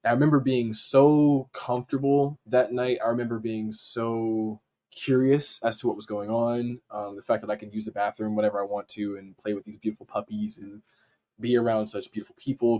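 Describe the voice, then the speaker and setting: A man, a podcast guest, telling a story in casual slang and acting out his own excited reactions. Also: fairly low pitch, fairly quick. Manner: animated, acts out his own reactions in quotes; casual slang, frequent "like" fillers. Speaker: podcast guest, dancer and video editor.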